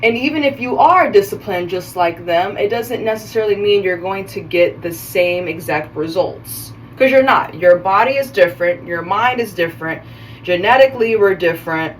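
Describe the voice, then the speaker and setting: A woman's voice: medium pitch, expressive, moderate pace, far from the mic, rough recording. A woman hosting a casual self-care video, chatting while she styles her hair and often stopping to correct herself mid-sentence. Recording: voice a bit off-mic, faint background noise.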